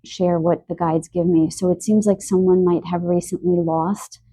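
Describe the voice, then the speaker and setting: A woman giving a spoken tarot card reading, a little stuffy from allergies and clearing her throat, talking softly and earnestly with emotion. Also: lowish voice, little pitch movement, normal speed. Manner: soft, earnest, emotional about animals.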